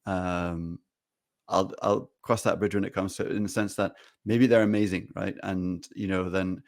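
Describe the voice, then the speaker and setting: A man co-hosting a podcast, giving relaxed advice to leaders in casual conversation. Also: low voice, normal speed, creaky. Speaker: podcast co-host.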